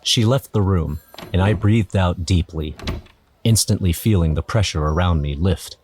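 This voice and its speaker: A man's voice: sits low, moderate pace, darkish tone, a little hiss or hum. A man narrating an audio drama in first person, nervous and wry. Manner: nervous, wry inner monologue. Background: music.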